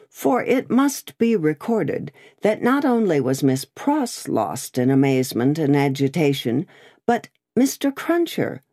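A woman reading a classic novel aloud in an expressive, varied way. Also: low-pitched, dry recording, clean studio sound. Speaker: audiobook reader. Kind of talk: scripted narration of a classic novel.

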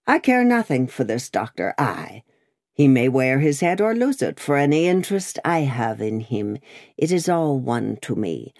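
A woman's voice: rumbling low, very animated, darkish tone, no room sound, studio quality, exaggerated voice. A woman voicing a stern, vengeful revolutionary woman. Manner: stern, cold, deliberate.

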